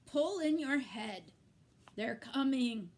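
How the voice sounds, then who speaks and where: A woman reading aloud and voicing a wise old female sheep who gives calm, bossy advice. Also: high-pitched, slow pace, pitched above the performer's own voice. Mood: hushing.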